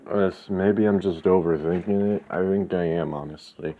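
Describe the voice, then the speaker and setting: A man's voice: sits low, steady tone, normal speed. A man talking in a rambling, profane, ranting monologue as host of his own channel. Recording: slightly dull lo-fi, faint background noise.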